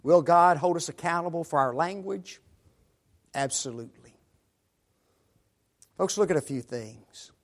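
A man with a notably high-pitched voice preaches a sermon to his congregation. He keeps turning to his listeners as folks and caps his points with rhetorical questions. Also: lively intonation, unhurried, pauses often.

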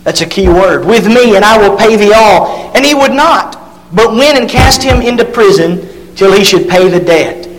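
A man with a notably high voice delivers a sermon, stretching out words he wants to stress. His voice rings with a long hall reverb, as in a church sanctuary. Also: expressive, background noise. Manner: emphatic, drawn-out stresses on key words. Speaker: pastor. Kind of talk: sermon with scripture reading.

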